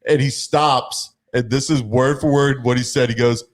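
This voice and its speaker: Young male host, casual, animated storyteller. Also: mid-range voice, normal speed. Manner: animated, acts out quotes. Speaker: podcast host.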